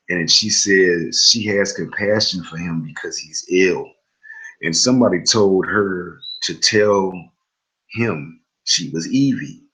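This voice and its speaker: A man with a very low voice talks through a TV episode in a relaxed, conversational recap. He rambles a little, drops fillers and side comments, and keeps it informal. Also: rough recording. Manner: chatty, loose storytelling with fillers and asides. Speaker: TV recap host.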